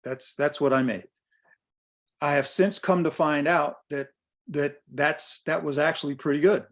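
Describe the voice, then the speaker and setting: A man's voice: on the high side, fairly even intonation, a little slow. A man in his sixties giving a workshop as a business coach, emphatic and direct, repeating his key phrases. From United States. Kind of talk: workshop talk on pricing.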